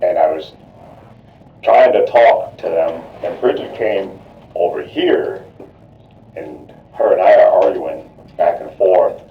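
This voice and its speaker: A deep-voiced man gives a rambling, repetitive account during a police interrogation, circling back on himself with constant "you know, like". He sounds distant from the microphone in an echoey room on a lo-fi recording. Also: slow, creaky, pauses often. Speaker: murder suspect under questioning.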